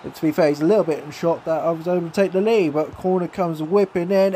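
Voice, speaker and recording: A man giving excitable play-by-play commentary over his own football video game match, mixing calls with asides. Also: fairly high pitch, fairly quick, few pauses, slight background noise. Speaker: gaming YouTuber. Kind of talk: live gameplay commentary.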